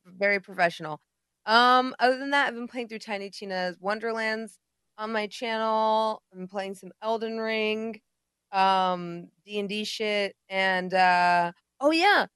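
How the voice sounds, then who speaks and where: A woman's voice: medium pitch, measured pace, fairly bright tone, clean tone, no room sound, studio quality. A tired woman on a podcast, chatting in an easygoing way with fillers. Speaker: podcast guest and streamer. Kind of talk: casual chat.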